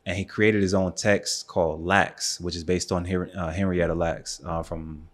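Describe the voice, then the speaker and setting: A young adult man from the United States, a photographer guest on a podcast, telling a personal story in a relaxed casual way with lots of fillers like "um" and "like". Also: deep voice, normal speed.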